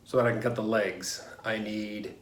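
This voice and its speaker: A man's voice: fairly low pitch, steady tone, normal speed. Middle-aged man, chatty garage woodworking vlogger, loose and rambling delivery. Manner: rambling, self-correcting, chatty. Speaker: home DIY vlogger. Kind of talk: casual workshop vlog. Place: home garage workshop.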